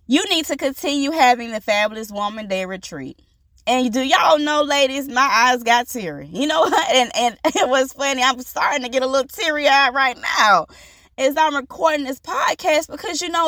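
A woman hosting a podcast, telling an inspirational story in an animated, preachy way and acting out the voices in it. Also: high voice, no room sound, studio quality. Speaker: podcast host.

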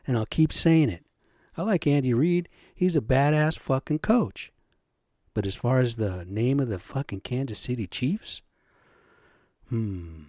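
A man's voice: medium pitch, warm tone, no echo, studio quality. A man ranting casually to his viewers, swearing a lot and tagging "right?" onto his points. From Native American. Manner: profane, agitated, keeps asking "right?". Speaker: vlogger. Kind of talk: casual rant to camera.

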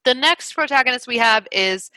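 A young woman chats through a movie recap, animated and quick to mock. Her voice is bright and slightly high. The sound is close and dry. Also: no room sound. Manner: animated, laughing, mocking impressions. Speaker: podcast co-host. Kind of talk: casual chat recapping a movie.

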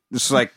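A man casually recapping an old movie, swearing, laughing often and acting out the characters in quick voices. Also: fairly bright tone, no room sound, studio quality. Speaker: podcast host.

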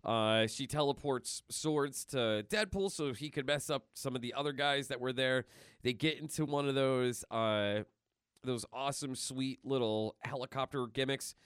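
A man co-hosting a casual podcast, talking excitedly and rambling with many fillers. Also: medium pitch, normal speed, clear, resonant tone, no room sound, clean studio sound. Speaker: podcast co-host. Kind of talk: casual chat.

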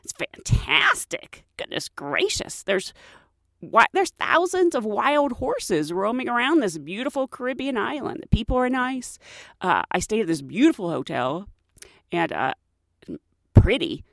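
A woman hosts her own show with a personal storytelling monologue, chatty and self-mocking, often breaking into laughter. Her voice sits a little high and swoops around a lot. The sound is dry with no room echo. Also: big pitch swings, a little slow, vocal fry, a bit bright. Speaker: podcast host.

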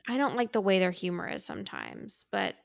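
A woman's voice: lowish voice, wildly swooping pitch, brisk, creaky, no echo, clean studio sound. A woman co-hosting a casual podcast, talking bluntly and with playful exasperation about what she has been watching. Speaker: podcast co-host. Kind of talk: casual chat.

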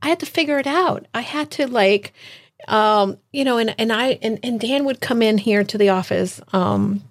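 A woman's voice: a little high, moderate pace. A woman business coach hosting a casual conversation, talking in an encouraging, reflective way.

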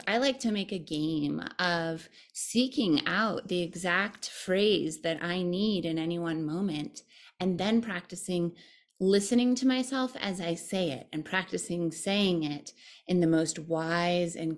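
Gentle woman with a gravelly edge. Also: on the low side, a little slow. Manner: reflective, gentle, thoughtful. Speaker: guest, meditation teacher. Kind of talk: podcast conversation.

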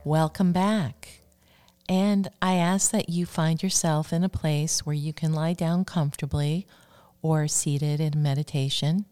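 A woman hosting a self-help show, calmly coaching listeners and leading them through repeated affirmations. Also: deep voice, unhurried, clean tone. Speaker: radio show host. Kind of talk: self-help talk on love and relationships.

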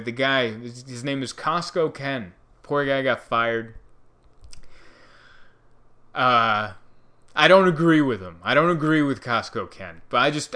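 A man doing a stand-up comedy bit, animated storytelling that acts out the people in it. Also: mid-range voice, clear, resonant tone. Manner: animated storytelling, acting out characters.

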